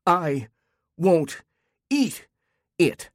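A furious talking dog, each word a sharp snap between bark and growl, as a male narrator voices him. The voice is pushed higher than the reader's own, in a close, dry audiobook. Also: sing-song, extremely slow, no room sound, heavily acted. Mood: snarling. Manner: snapping, half-snarled words.

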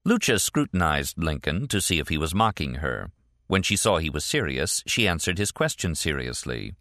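A man narrating an audiobook in a measured, even storytelling voice. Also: low voice, dry recording, studio quality.

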